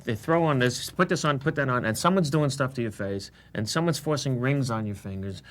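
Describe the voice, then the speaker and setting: A comedy cast member telling a lively backstage anecdote and acting out voices. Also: male voice, medium pitch, fairly quick. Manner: lively storytelling, acts out voices. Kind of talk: animated anecdote.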